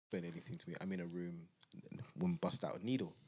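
A man with a fairly low voice tells a travel story in a relaxed podcast chat. He laughs often and jumps up into other people's voices when he acts out their lines. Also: quick pace, breathy edge. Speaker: podcast host.

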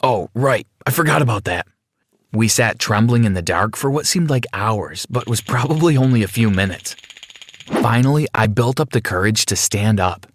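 A man's voice: on the low side, expressive, normal speed. A man narrating a dramatic first-person adventure story from a script.

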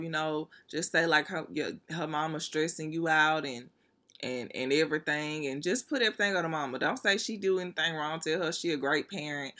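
Bright-voiced woman, blunt and profane. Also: deep voice. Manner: blunt, profane, laughs while talking. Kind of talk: casual candid monologue.

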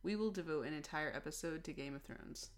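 A woman with a fairly low voice co-hosts a podcast in loose, casual banter. She plays up small grievances with mock drama and breaks into laughter often. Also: a little fast. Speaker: podcast co-host.

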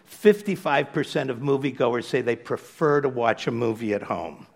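A man giving a public lecture in a relaxed, conversational way, with frequent fillers. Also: medium pitch, moderate pace, slightly rough.

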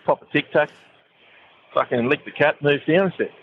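A man tells a crude joke quickly, swearing all the way through. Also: on the high side, narrow, tinny audio, slight background noise. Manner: crude, rapid-fire, swearing constantly. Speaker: caller. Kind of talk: joke-telling voice message.

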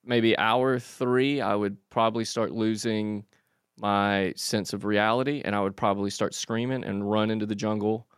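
A man's voice: lowish voice, fairly even intonation, moderate pace, smooth, no room sound, studio quality. A man co-hosting a casual comedy podcast, trading crude, self-mocking banter. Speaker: podcast co-host.

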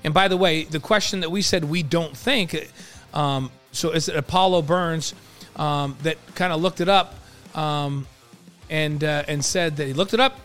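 A man's voice: a little high, normal speed, a bit bright, faint music behind. A man from New York co-hosting a casual sports podcast, talking in a loose way full of restarts and repeated words. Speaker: podcast co-host.

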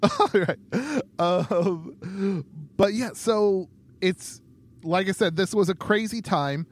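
Laid-back young man, slightly high. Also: expressive, takes it slowly. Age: young adult. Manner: rambling, many ums, laid-back joking. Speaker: podcast co-host. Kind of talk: casual chat.

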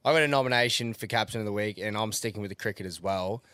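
A man's voice: on the low side, fast talker, fairly bright tone, clear, resonant tone, dry recording. Emphatic, sweary man. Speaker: podcast co-host. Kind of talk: casual sports banter.

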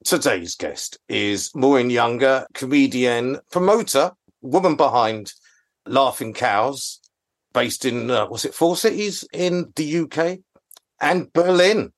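A man co-hosting a comedy podcast, introducing a guest in a relaxed, measured way. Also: medium pitch. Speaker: podcast co-host. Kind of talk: casual chat, introducing guest.

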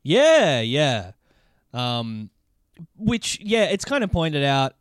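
A man in casual podcast chat, chatty and sweary, quick to laugh. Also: fairly high pitch, wildly swooping pitch, clean tone, no echo, clean studio sound. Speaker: podcast co-host. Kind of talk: casual chat recapping a TV episode.

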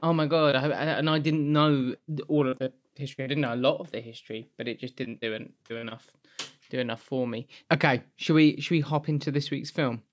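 A man's voice: medium pitch, steady tone, brisk. A man co-hosting a casual film podcast, who talks keenly and corrects himself as he goes. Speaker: podcast co-host. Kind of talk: casual film review chat.

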